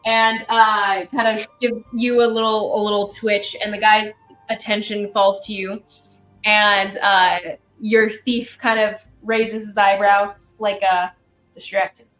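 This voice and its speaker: A woman narrating as game master in a relaxed way, with many fillers. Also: medium pitch, slow, faint music behind.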